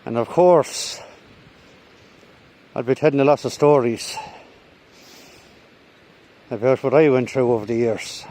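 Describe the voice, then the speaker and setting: A man's voice: medium pitch, measured pace, pauses often, mellow, rough recording. A middle-aged man telling stories casually while walking a woodland path, a little out of breath, recorded on a chest-mounted camera. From Ireland. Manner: rambling, swears casually. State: slightly out of breath. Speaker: vlogger. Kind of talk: casual walking vlog storytelling.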